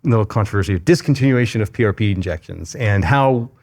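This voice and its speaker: A man's voice: on the low side, animated, a little fast, a little mellow. A man hosting a podcast interview, talking casually and enthusiastically, drifting between topics. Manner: enthusiastic, conversational, tangential. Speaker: podcast host.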